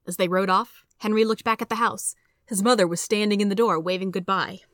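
A woman narrating a children's story aloud in a steady, even storytelling manner. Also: mid-range voice, fairly quick, dry recording, clean studio sound.

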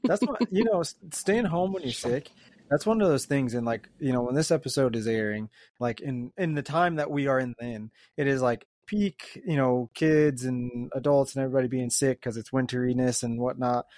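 A man's voice: mid-range voice, normal speed, darkish tone, no echo, clean studio sound. A man hosting a podcast, chatting in a rambling, easygoing way and laughing often. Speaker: podcast host. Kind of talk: casual chat.

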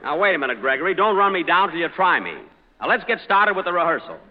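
A man hosting an old radio comedy, with a fairly high voice that swoops wildly up and down as he delivers dry, exasperated lines. The broadcast is muffled, with a long hall reverb and a faint hiss. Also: big pitch swings, quick pace. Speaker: comedy show host.

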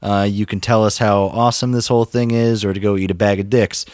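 A man's voice: lowish voice, little pitch movement, brisk, darkish tone, no room sound, clean studio sound. A man in his late twenties co-hosting a podcast in casual chat, rambling and cursing with many restarts. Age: 20s. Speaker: podcast co-host.

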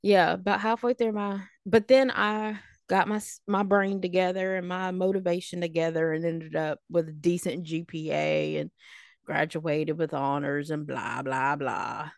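A woman in her late thirties, a podcast co-host telling high school stories in a snarky, animated way. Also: a little slow, no echo, clean studio sound. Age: late 30s. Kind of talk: casual storytelling chat.

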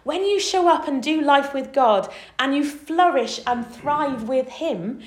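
A woman leading an informal Bible study, talking enthusiastically and climbing in pitch as she gets excited. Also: unhurried, reverberant. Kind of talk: informal preaching to a small group.

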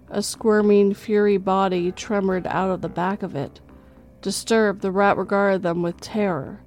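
A woman's voice: mid-range voice, a little mellow. A woman narrating horror stories.

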